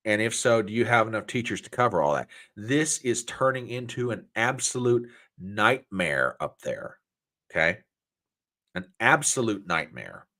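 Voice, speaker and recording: A man hosts a political talk show in a folksy, indignant rant. His voice sits a little low yet swings widely in pitch. He jumps between asides and exclamations. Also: a little slow. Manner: animated, folksy, indignant ranting. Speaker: host.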